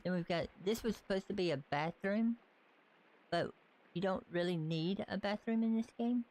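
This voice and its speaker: A live-stream gamer with a softened Southern accent talks casually over the game, thinking out loud as they build. The pitch sits in a middling range, and the delivery stays relaxed and rambling. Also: normal speed. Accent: light Southern US. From Southern United States. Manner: chatty, thinks aloud while building.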